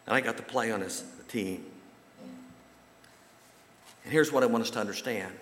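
With a fairly low voice at normal speed and long pauses, a man from the United States delivers a sermon that includes a folksy personal story. He becomes animated when quoting people, and the church sanctuary gives a roomy echo with long reverb over slight background noise.

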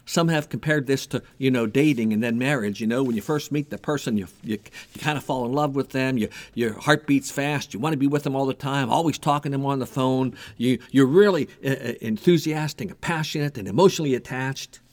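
A man preaching a sermon, animated and repeating himself as he builds his point. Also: medium pitch, brisk. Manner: animated preaching with repetitions and a told joke. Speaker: pastor.

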